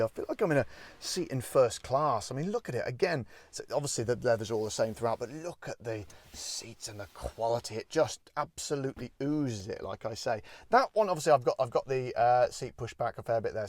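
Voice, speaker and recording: A man hosts a casual walkaround review in and around a parked car, rambling along with jokey, self-deprecating asides. His voice sits in the mid-range, and there's no room sound.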